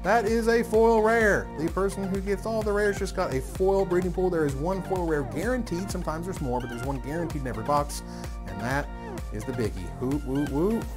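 A woman's voice: lowish voice, brisk, music in the background. A woman hosting a live stream, hyped up and whooping, calling the viewers y'all as she opens card packs.

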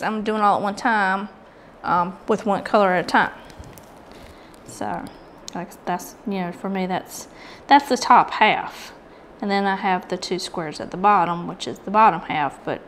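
A craft channel host with a Southern US accent and medium-pitched voice chats casually through a craft tutorial as she works. She rambles and pokes fun at herself, and there's a little hiss or hum in the recording.

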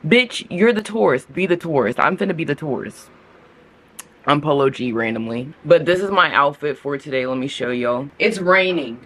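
A woman's voice: sits low, animated, moderate pace, fairly bright tone, slight background noise. A young woman from the United States, talking casually to camera in a travel vlog with crude, sarcastic jokes, recorded close up indoors at a friend's home. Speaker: vlogger.

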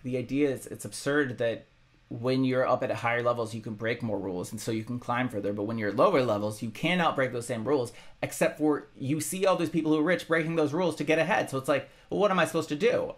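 A man musician talking casually about his own songs, halting and rambling with many restarts. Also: medium pitch. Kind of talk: casual reflective monologue.

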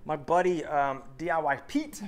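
Co-hosting a live stream, this thirtysomething man cheerfully reads out viewers' comments, cracking jokes and humming while scrolling. His voice is a little high and expressive, at normal speed.

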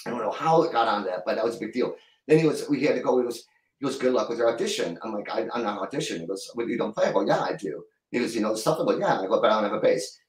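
A middle-aged man telling a long story as a guest in an interview, rambling and halting, with many restarts. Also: mid-range voice, expressive, echoey room, distant mic, low-quality recording. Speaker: guest musician.

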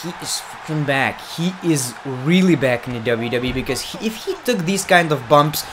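Excitable young man doing game commentary. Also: a little high, normal speed, noisy background. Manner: excitable, profane, mock wrestling announcing. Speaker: gaming commentator. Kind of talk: let's play commentary.

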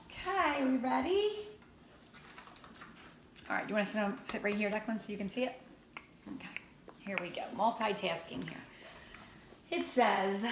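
A woman who teaches first grade, reading a picture book aloud to her class in a slow, expressive storybook manner. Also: mid-range voice. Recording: roomy echo, faint ambient noise.

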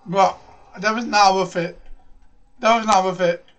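A man giving excitable live gameplay commentary as a channel host, repeating himself and calling everyone "bro". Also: high voice, measured pace, distant mic. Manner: excitable, repeats phrases, says "bro" constantly.

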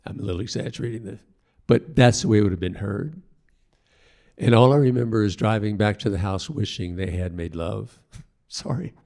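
An older man, a priest, telling stories from his past in a reflective, halting way and acting out the voices of the people he quotes. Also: on the low side, vocal fry, a little mellow. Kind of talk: storytelling talk.

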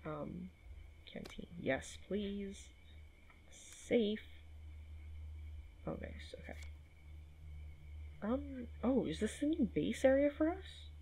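A woman's voice: medium pitch, big pitch swings, slow, long pauses, mellow, slightly rough, rough recording. A woman casually commentating a game, chatty and swearing, reading in-game notes aloud. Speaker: gaming video host. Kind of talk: casual let's play commentary.

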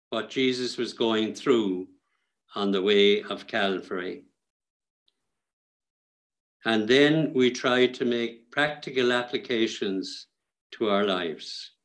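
An Irish priest leading the Stations of the Cross outdoors, speaking in a measured, prayerful manner. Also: male voice, mid-range voice, poor audio. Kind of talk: prayer meditation. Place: outdoors on a hillside.

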